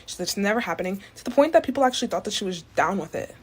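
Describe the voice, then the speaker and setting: A woman talks fast and breathlessly through her take on a celebrity rumor. Her tone is gossipy and incredulous, in the style of a quick social media commentary. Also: mid-range voice, lively intonation, husky.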